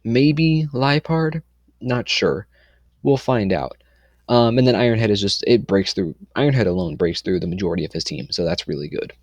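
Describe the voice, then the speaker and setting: A young man casually explaining his competitive team for a video, confident and rambling, with lots of "um"s and quick self-corrections. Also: on the low side, lively intonation, darkish tone, dry recording, dull audio.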